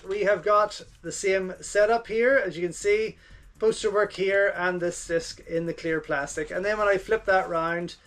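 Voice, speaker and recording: A man with a fairly high voice hosts a casual unboxing, talking through each item as he handles it. He gushes with enthusiasm and keeps coming back to the same few words of praise. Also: fairly bright tone. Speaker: channel host reviewing home video releases.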